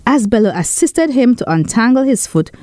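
A woman with a St. reading a children's story aloud in an expressive storytelling voice. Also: on the high side, normal speed, dry recording, studio quality. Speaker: storyteller and author. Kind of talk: storybook narration.

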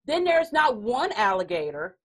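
A woman hosting a casual chat podcast, telling a story in an animated way with frequent laughs. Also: a little high, normal speed, rough recording. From Texas. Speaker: podcast host.

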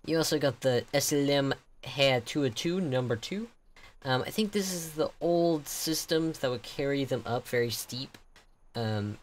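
A young man giving casual game commentary as he reviews players' builds, excitable and gasping, with lots of ums and likes. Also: medium pitch, a little hiss or hum.

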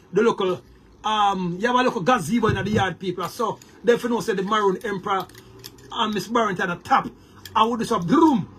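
High-pitched Jamaican man ranting. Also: fairly bright tone, slight background noise. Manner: boastful, heated, addresses viewers as people; repeats words and restarts often. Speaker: online commentator. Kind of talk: ranting monologue to viewers.

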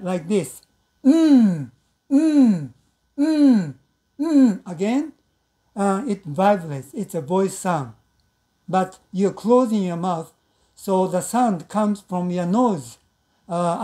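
A woman whose first language is Japanese teaches English pronunciation patiently, pausing on fillers and humming nasal sounds to demonstrate. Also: mid-range voice, warm tone. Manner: patient, with many fillers, models sounds by humming and repeating words. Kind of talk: slow pronunciation lesson with demonstrations.

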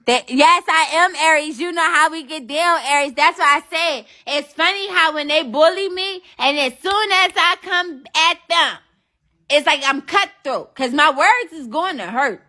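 A woman's voice: high voice, a little slow, pushed and bright. A young woman livestreaming, chatting casually with viewers in a brash, profane, trash-talking manner.

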